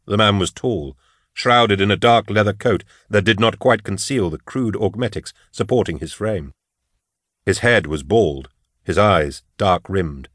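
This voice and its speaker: A man reading a sci-fi audiobook in steady, dramatic narration. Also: on the low side, measured pace, dry recording, studio quality.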